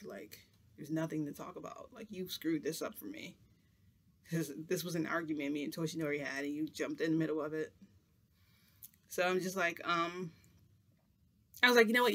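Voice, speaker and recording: A man's voice: a little high, fairly bright tone. A man chatting to camera as a vlogger, telling a long rambling story full of "like" in a casual, chatty way.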